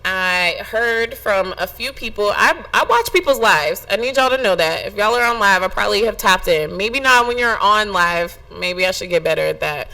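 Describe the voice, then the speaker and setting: A woman's voice: mid-range voice, lively intonation, normal speed, few pauses, pushed and bright, rough recording. A young adult woman hosting a podcast, talking frankly and emotionally straight to her listeners. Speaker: podcast host. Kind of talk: candid podcast monologue.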